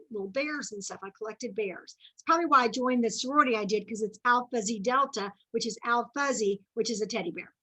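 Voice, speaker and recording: A woman's voice: fairly high pitch, bright, forceful tone, low-quality recording. A woman giving an earnest, faith-based motivational talk to a sales team, chatty and full of asides.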